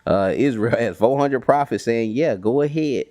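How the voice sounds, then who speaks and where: A man leading a bible study, retelling the text in loose slangy talk with lively voices for the characters. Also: mid-range voice, moderate pace, no echo. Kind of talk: casual bible study commentary.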